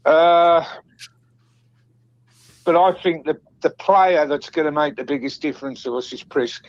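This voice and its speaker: A caller on a football phone-in, a man who swears freely and laughs often as he talks. His voice sits a little high and comes through dry and dull, like a phone line. Relaxed, chatty and full of banter. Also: unhurried, no echo. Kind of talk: phone-in chat.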